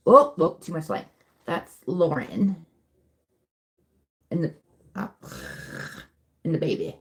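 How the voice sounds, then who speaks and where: A young woman talks through a casual livestream from home on her phone. Her voice sits fairly low, and her chatter rambles and keeps doubling back as she works on a craft. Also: big pitch swings, takes it slowly. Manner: rambling, chatty, self-interrupting. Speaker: livestream host. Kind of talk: casual live chat while crafting. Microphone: phone mic.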